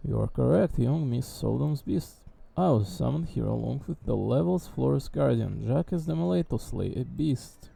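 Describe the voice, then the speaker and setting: A solemn summoned warrior from a video game speaks in a measured, formal way, as a man reads the lines aloud. The voice sits at an everyday middle pitch with a gravelly edge. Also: expressive, warm tone, no room sound, heavily acted. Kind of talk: reading game dialogue aloud.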